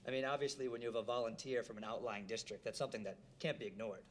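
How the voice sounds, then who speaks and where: An actor playing a brisk male TV commentator in a film scene. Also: mid-range voice, fairly even intonation, lightly acted. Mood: assured. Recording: noisy film clip.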